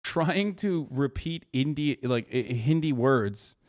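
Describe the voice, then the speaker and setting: A man with a mid-range voice speaks slowly on a casual livestream, the audio clean and studio-dry with no room sound. He swears, laughs, and bursts out animatedly, trading joking, sarcastic, mocking banter with his chat.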